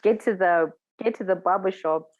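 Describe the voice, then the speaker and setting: A woman DJ, a guest in a live interview, telling a story with animated energy. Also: on the low side, normal speed, no echo, dull audio. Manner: lively, acts out the voices of people she quotes.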